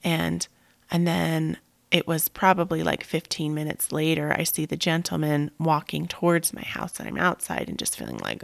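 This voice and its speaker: A woman's voice: sits low, sing-song, normal speed, gravelly, fairly bright tone, no echo. A woman in her thirties, a podcast host, telling a personal story at home in a candid, chatty way, swearing casually and saying "like" a lot.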